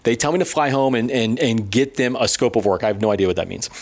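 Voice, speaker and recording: A man of middle pitch spinning a personal story in a relaxed interview. He talks in a lively, self-deprecating way. He tells it casually, like a friendly guest. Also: fast talker. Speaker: business owner guest.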